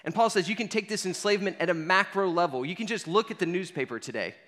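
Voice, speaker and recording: A man delivers a sermon as guided storytelling, speaking straight to the listener and repeating key lines for weight. His voice sits slightly high for a man. A long reverb trails each phrase. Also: lively intonation, fast, a bit bright. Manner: speaks in the second person, leading listeners through a scene. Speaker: preacher.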